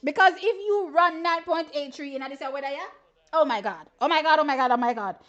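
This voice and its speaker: A Jamaican woman with a high voice gives excitable live reactions to races on a stream. She piles on exclamations and talks straight to her viewers. The audio is dull and lo-fi. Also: fast talker. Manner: excitable, laughing, exclamatory, with chatty asides to viewers. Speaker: track and field stream host. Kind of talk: animated live reaction commentary.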